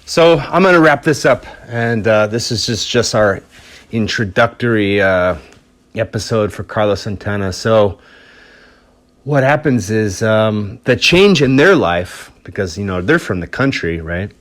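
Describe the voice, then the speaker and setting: A man hosting a podcast, telling a story in a relaxed, rambling way, swearing freely. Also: lowish voice, measured pace. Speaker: podcast host.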